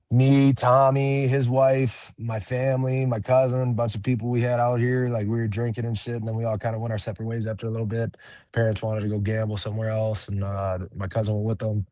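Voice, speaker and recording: A man's voice: lowish voice, flat delivery, fairly quick, warm tone, dry recording. Chill young fighter guy cussing a lot, dry close mic. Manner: profane, laid-back, laughing often. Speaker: MMA fighter, interview guest. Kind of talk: casual interview chat.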